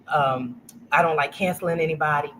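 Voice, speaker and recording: A woman's voice: low-pitched, fairly quick, slight background noise, poor audio. A woman in her forties from Louisiana, a guest telling a casual story and acting out the voices of the people in it. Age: 40s. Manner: animated, acts out quoted voices.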